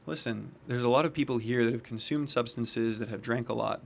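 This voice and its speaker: A man tells a story in a calm, reflective way. He sounds earnest and unhurried, with a low voice that has a gravelly edge. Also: a little hiss or hum. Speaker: men's accountability facilitator. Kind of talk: casual storytelling.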